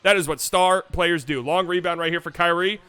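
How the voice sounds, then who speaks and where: Bright-voiced man breaking down game film. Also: fairly even intonation, fairly quick, smooth, no room sound. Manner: playful, joking asides over highlights. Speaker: basketball channel host.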